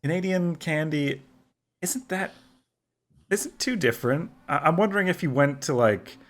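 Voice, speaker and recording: A man's voice: fairly high pitch, lively intonation, moderate pace. A man hosting a casual gaming podcast, easygoing, moving the talk along with curious questions. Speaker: podcast host.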